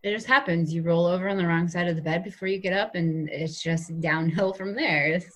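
A woman hosting a podcast interview, talking in a relaxed, reflective way. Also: lowish voice, brisk. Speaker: podcast host. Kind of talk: casual interview.

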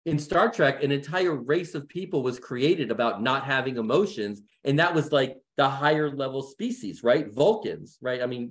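A middle-aged man speaking as a guest in a panel discussion, earnest and emphatic in a conversational way. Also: mid-range voice.

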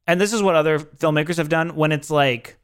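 A young adult man co-hosts a podcast, joking around casually while recapping a film's plot. His voice is fairly high, clear and resonant, and he talks fairly quickly in an animated way.

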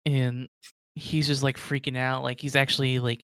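A man's voice: medium pitch, flat delivery, a little fast, pushed and bright, clean tone, no echo. Male game master, mid-range voice, loose rambling narration, dry close mic. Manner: rambling, heavy with "like".

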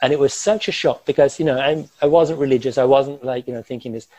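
A man recounts a harrowing experience from his own life, animated and given to quick chuckles. His voice is mellow and a bit husky. The recording is dry and close, with no room sound. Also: mid-range voice, dry recording, low-quality recording. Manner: animated, gestures while talking, chuckles through tense moments. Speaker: guest recounting a personal ordeal. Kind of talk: vivid first-person storytelling.

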